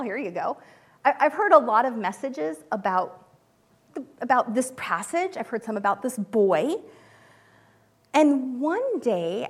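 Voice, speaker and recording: A high-voiced woman gives a casual devotional talk as a mother speaking to a group. She talks in a chatty way, full of fillers and little restarts, and acts out the quotes she tells.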